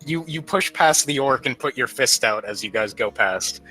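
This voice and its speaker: Male game master, bright tone, light music bed, easygoing and laughing. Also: medium pitch, animated, moderate pace, poor audio. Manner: laughs often, playful narration. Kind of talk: narrating a tabletop game.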